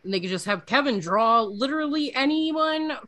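Bright-voiced woman podcast co-host. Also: high-pitched, no echo. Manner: animated and profane, with quick asides. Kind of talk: casual chat.

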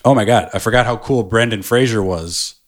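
Deep-voiced wry man. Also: fairly quick. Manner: wry, jokey, swears casually. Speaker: podcast co-host. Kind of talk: casual movie-review chat.

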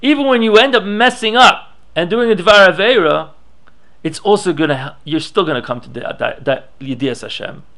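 A Torah teacher gives a class, reading Hebrew and Aramaic passages aloud and explaining them in English while thinking aloud and restarting sentences. His voice sits high and sounds pushed and bright, and he talks fairly quickly and expressively.

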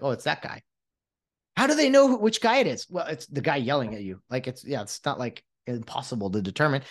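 A man in his late thirties, a podcast host and former umpire, ranting with exasperation in a solo monologue, often restarting his sentences. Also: a little high. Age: late 30s.

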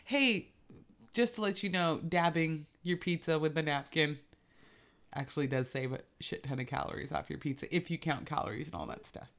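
A woman's voice: low-pitched, moderate pace. A woman co-hosting a casual podcast chat, joking, laughing often and rambling between topics. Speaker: podcast co-host.

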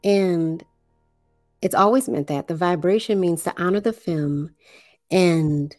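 A woman from the New Orleans area giving a slow explanatory monologue, with deliberate, drawn-out phrasing and pauses. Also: fairly low pitch, darkish tone, no room sound, clean studio sound, soft background music.

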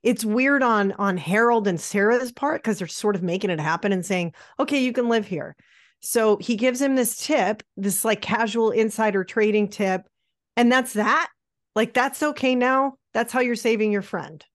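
A woman's voice: fairly high pitch, moderate pace, no echo, clean studio sound. A woman co-hosting a podcast, chatting casually and sarcastically about an old film. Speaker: podcast co-host.

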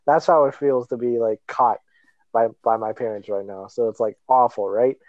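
Young male podcast co-host, animated storyteller who acts out voices, dry close sound. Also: medium pitch, moderate pace, no echo, highs cut off. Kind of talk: casual chat.

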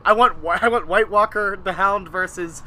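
A man's voice: high-pitched, normal speed, crowd noise. A young man in a casual podcast chat who laughs often, hesitates with "uh", and steers the talk toward a wrap-up. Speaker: podcast co-host.

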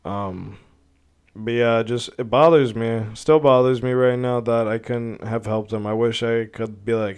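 A man's voice: mid-range voice, steady tone, measured pace, a little mellow, clean tone. A young man hosting a casual solo podcast, rambling and swearing, full of filler words. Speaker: podcast host.

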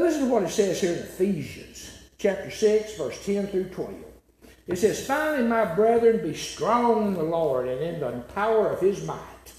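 A man's voice: high-pitched, a little mellow. A man preaching a sermon, emphatic and repetitive, asking his listeners rhetorical questions. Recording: echoey room.

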